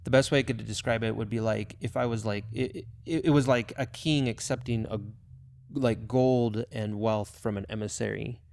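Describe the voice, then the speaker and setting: A young man, a missionary pilot, telling a personal story in casual, animated talk full of fillers. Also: medium pitch, normal speed, creaky. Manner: animated, emotional, filler-heavy.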